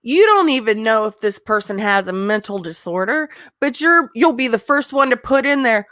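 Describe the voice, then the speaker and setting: A woman's voice: on the high side, animated, moderate pace, hardly any pauses, fairly bright tone, no room sound, clean studio sound. A woman hosting a casual live-stream chat, blunt and ranting. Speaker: host.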